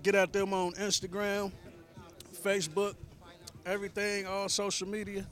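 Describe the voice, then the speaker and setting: A man's voice: high voice, monotone, moderate pace, fairly bright tone. Hyped slangy man reviewing food. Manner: hyped slangy chatter, says man a lot. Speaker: food vlogger at a market. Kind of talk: casual food review vlog. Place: outdoor farmers market.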